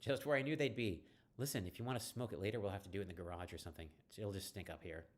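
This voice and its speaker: A man's voice: deep voice, very fast. A man voicing a bitter young woman who is dismissive of her mother, reading from a text game. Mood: conspiratorial. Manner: flat, dismissive.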